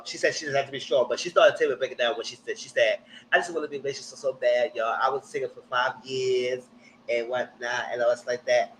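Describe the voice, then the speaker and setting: A young man, hosting a live reality TV recap in casual commentary with animated, exaggerated re-enactments. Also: a little high, a little hiss or hum, rough recording.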